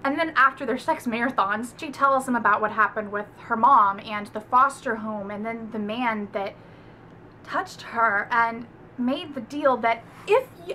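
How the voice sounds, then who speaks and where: A woman's voice: a little high, measured pace, sharp tone, a little hiss or hum. A young woman giving a casual, gushing book review, talking emphatically and swearing freely.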